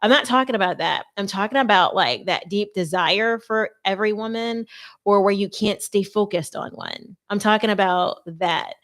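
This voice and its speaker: A woman's voice: mid-range voice, moderate pace, a bit bright. A woman host talking earnestly and conversationally about faith and marriage preparation, with playful asides. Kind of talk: faith-based marriage advice talk.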